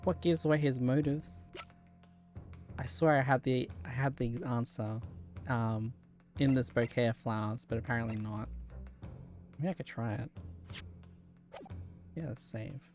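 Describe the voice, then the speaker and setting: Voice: mid-range voice, steady tone, a little slow, pauses often, darkish tone, faint music behind. A streamer chatting casually while playing a story game, laughing often, swearing and restarting sentences. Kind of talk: casual live gameplay chat.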